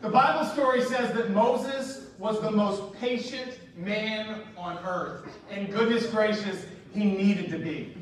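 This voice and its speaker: A man preaching a sermon as pastor, telling stories with humor and turning to quiet, earnest appeals. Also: sits high, takes it slowly, few pauses. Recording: echoey hall, mic at a distance, faint noise.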